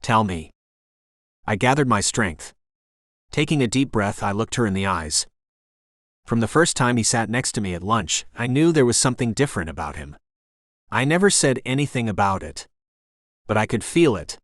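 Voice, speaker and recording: A man reads first-person audiobook narration in a measured, earnest manner. His voice sits low, and the recording is dry and close. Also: very animated, dry recording.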